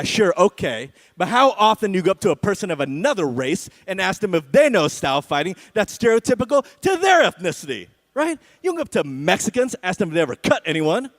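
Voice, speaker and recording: A man doing a stand-up comedy set at an awards show, with a sarcastic, punchy delivery and frequent "right?" asides. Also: high-pitched.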